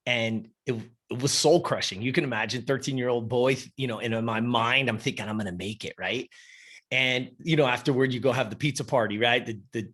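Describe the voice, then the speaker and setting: A man's voice: medium pitch, fairly bright tone. A man in his fifties, a podcast guest, telling a personal story in a casual, emphatic and profane way. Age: 50s.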